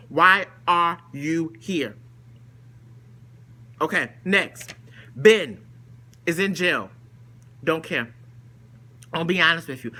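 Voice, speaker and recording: A woman's voice: on the low side, pushed and bright. A woman recording a casual vlog rant, blunt and exasperated, firing off rhetorical questions and dismissive asides. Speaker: vlogger reviewing a TV episode.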